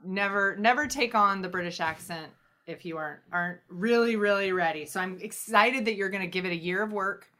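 A woman's voice: medium pitch, fairly quick, few pauses, pushed and bright. A woman co-hosting a podcast, talking casually and enthusiastically with her guest. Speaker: podcast co-host. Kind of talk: casual chat.

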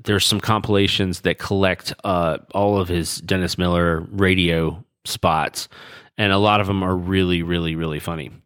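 A man hosting a podcast, telling stories in a rambling, relaxed way. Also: low-pitched, normal speed, smooth, no echo, clean studio sound. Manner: rambling, relaxed storytelling with fillers. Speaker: podcast host. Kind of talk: casual chat.

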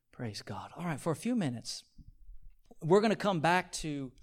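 Male preacher, sermon, calls for amens, hushed then loud, fairly high voice. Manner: swings from quiet, near-whispered points to loud, pleading repetition; call-and-response, asking the audience for amens.

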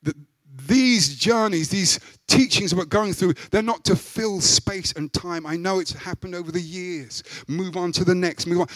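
High-voiced preaching man, dry sound. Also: no room sound. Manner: emphatic, rising into loud peaks. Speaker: pastor. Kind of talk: sermon.

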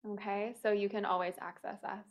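A woman coach speaks over an online call in an affirming, encouraging tone and laughs easily. Her pitch sits mid-range for a woman, neither high nor low. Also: little pitch movement, brisk. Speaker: coach and membership host. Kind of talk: warm group coaching call chat.

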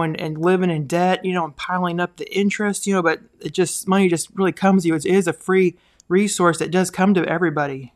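A woman hosting a podcast in a casual monologue, earnest and encouraging, rambling with many fillers and restarts. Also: on the low side. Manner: rambling, full of "like" and "you know". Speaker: podcast host.

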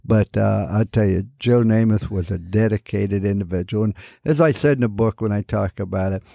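An older man, a retired football coach, telling lively stories as a guest in a radio interview and acting out the people he quotes. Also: on the low side, moderate pace, vocal fry, no echo, clean studio sound. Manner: animated storyteller, acts out quoted voices.

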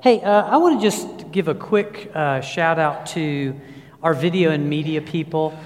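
A pastor in his fifties preaching in a church through a sound system, an animated storyteller with many fillers and restarts. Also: on the high side, unhurried. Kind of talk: sermon with personal anecdotes. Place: church sanctuary. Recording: long reverb of a large hall.

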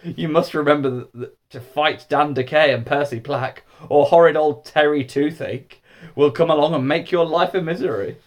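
A chattering lady dentist who speaks to schoolchildren as if they were toddlers. A man plays her with a raised, bright, sing-song lilt. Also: on the high side, very animated, normal speed, pitched above the performer's own voice. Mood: patronizing. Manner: bright, talking down to children. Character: fussy chattering woman dentist, patronizing.

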